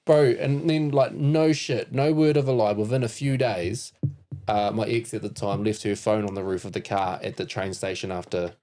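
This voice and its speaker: A New man chatting casually on a podcast, slangy and swearing as he tells an animated story. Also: lowish voice, normal speed. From New Zealand. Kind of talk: casual chat.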